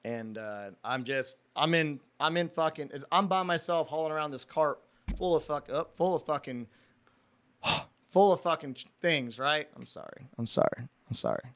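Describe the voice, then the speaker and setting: Young male guest, slightly high voice, casual rambling storyteller, heavy swearing. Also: unhurried, fairly bright tone, smooth. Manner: profane, rambling, says "dude" a lot. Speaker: podcast guest, former prison officer.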